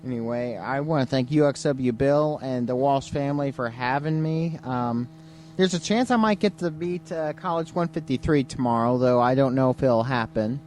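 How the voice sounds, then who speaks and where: A man's voice: mid-range voice, normal speed, darkish tone. A man co-hosting a late-night live stream, chatting casually and chuckling often, sounding tired. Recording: faint hum, compressed live stream.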